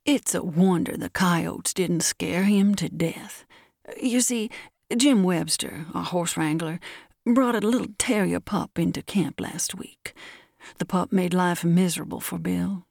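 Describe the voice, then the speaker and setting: A woman voicing a sly young cowboy who talks in a soft, hushed, mournful drawl. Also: on the low side, unhurried, creaky, no room sound.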